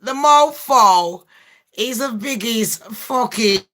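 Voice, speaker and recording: A woman's voice: on the high side, expressive, slow pace, fairly bright tone. A woman ranting in a casual gossip vlog, brash and full of swearing, laughing often. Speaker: gossip vlogger.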